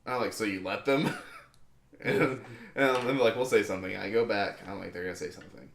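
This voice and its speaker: A young man co-hosting a casual podcast, telling an animated story with swearing and acted-out angry quotes. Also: fairly low pitch, brisk, creaky. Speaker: podcast co-host. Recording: echoey room.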